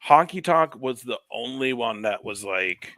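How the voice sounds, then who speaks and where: A man's voice: medium pitch, expressive, unhurried, bright, forceful tone, dry recording, studio quality. A man co-hosting a podcast, chatting casually and telling rambling stories with heavy swearing. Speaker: podcast co-host. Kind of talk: casual chat.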